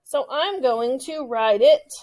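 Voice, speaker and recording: A woman teaching a phonics lesson to a class of young children, slowly stretching out the sounds of words. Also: high-pitched, expressive, a little mellow.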